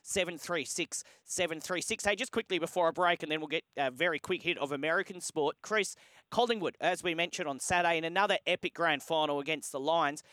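A man with an Australian accent runs a morning talkback show. He speaks in a bright, slightly high voice. His studio sound is close and dry. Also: no room sound. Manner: chatty, encouraging, quick to affirm callers. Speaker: radio host. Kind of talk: talkback radio hosting. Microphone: studio microphone.

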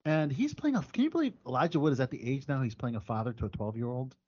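A man's voice: medium pitch, animated, fast, a little mellow, husky, muffled recording. A man hosting a casual podcast, reading movie news and rambling with many ums and restarts. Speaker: podcast host.

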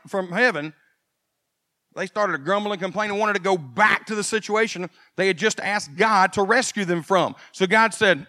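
A male pastor preaching a sermon, animated and swinging from quiet folksy asides to loud emphasis. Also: high-pitched, brisk, no echo, clean studio sound.

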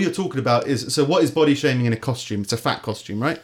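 A man with an English accent co-hosting a casual podcast chat. He talks in a sardonic, rambling way and lets his sentences trail off into mumbles. His voice sits at an ordinary middle pitch. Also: quick pace. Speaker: podcast co-host.

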